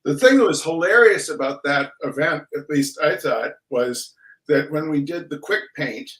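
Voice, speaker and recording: A man's voice: a little high, normal speed, fairly bright tone, roomy sound, poor audio. A man hosting a casual art talk, chatty and restarting his sentences with repeated words. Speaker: podcast host.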